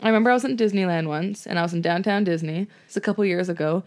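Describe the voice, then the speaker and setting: A woman's voice: lowish voice, very fast. A woman co-hosting a casual chat, telling stories full of fillers and acting out quoted voices. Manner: chatty storyteller, acts out quoted voices, filler-heavy.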